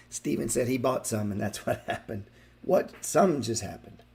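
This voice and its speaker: A man's voice: mid-range voice, moderate pace, creaky, slight background noise. A man hosting a stock trading show, giving loose, profane live market commentary and talking straight to his viewers. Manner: excitable, profane, talks to viewers directly.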